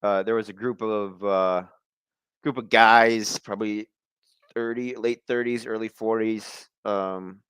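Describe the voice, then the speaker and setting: Man, field reporter, calm and measured, smooth low voice, dry sound. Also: no echo. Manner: measured, thoughtful, chuckles now and then. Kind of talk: casual podcast interview.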